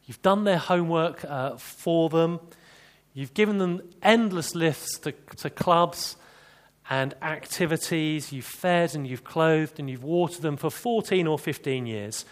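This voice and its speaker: A man's voice: a little high, unhurried. A man preaching an expository sermon, chatty, with rhetorical questions and dry humor.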